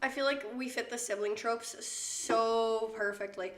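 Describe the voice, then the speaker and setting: A woman's voice: on the high side, measured pace, background noise. A young woman chatting casually while she cooks on a stream, laughing often and swearing freely. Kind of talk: casual chat while cooking. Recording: echoey room.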